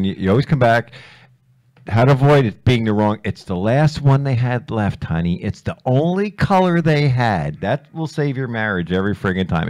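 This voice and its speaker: Lively-pitched joking male co-host. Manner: laughs often, quick one-liners. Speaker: radio co-host. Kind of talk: casual comedic banter.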